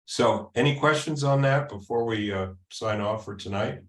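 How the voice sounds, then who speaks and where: Demoing software at a user group meeting, this man talks in a casual, stop-and-start way, with plenty of ums and restarts. His pitch is fairly low, and the audio has an echoey room quality.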